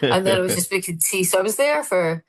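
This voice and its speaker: A Scottish woman, a comedian guest, telling lively anecdotes in a casual interview and acting out the quotes. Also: fairly low pitch, quick pace. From Scotland. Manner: animated anecdotes with acted-out quotes.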